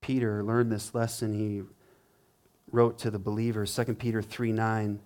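A man who is a pastor preaching a sermon, swinging from hushed to emphatic and acting out quoted complaints in a whining voice. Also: level tone, moderate pace. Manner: dramatic, acts out quoted complaints in a higher whining voice.

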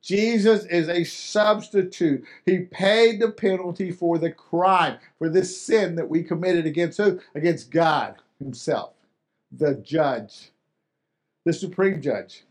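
High-pitched man preaching a sermon. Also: slow. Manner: conversational, repeats words and restarts, asks the listeners questions; voice swings from quiet to loud with emphasis. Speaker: pastor.

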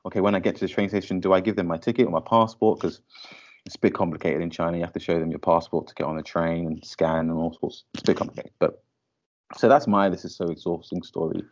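A man with a very low voice chats casually as a podcast co-host. He laughs easily and fills his talk with ums and you-knows. The audio is dull and lo-fi, like a call recording. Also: fairly even intonation, quick pace, a little mellow. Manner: chatty, laughs easily, frequent fillers. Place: lives in Shanghai.

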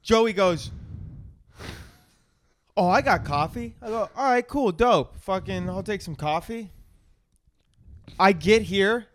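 High-voiced man ranting profanely. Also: slow pace, pauses often. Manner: profane, animated retelling with quoted dialogue. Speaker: podcast host. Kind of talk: casual storytelling chat.

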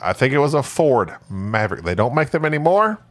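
A man's voice: medium pitch, sing-song, a little fast, no echo. A man co-hosting a podcast, bantering casually and trading quips. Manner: playful, chimes in with quips and put-on voices. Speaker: podcast co-host.

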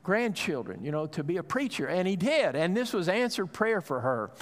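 A man's voice: high voice, sing-song, normal speed, hardly any pauses. A pastor in his fifties preaching a sermon, telling a family story in a loose, conversational way with many fillers, then rising into urgent encouragement. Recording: long hall reverb.

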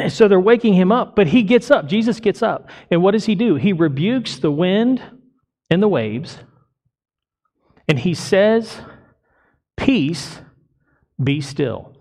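A man's voice: high-pitched, animated, measured pace, a little mellow. A male pastor delivering a sermon to his congregation, emphatic and full of rhetorical questions. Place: church congregation.

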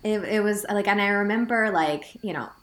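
A woman's voice: mid-range voice, fairly quick, a crowd in the background. A woman in her thirties telling a personal story in a casual, chatty way, full of "like" fillers and quoting herself. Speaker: guest sharing her story. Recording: roomy echo.

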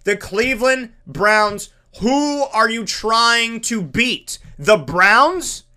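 A man broadcaster hosting an entertainment show, talking in an excited, casual monologue with emphatic, dramatic swings in his voice. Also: very high-pitched, drawn-out words.

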